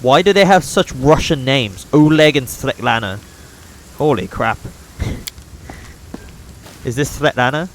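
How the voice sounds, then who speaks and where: A man's voice: mid-range voice, unhurried, long pauses, a little hiss or hum, rough recording. Self-deprecating laughing man streamer. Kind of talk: live gameplay commentary.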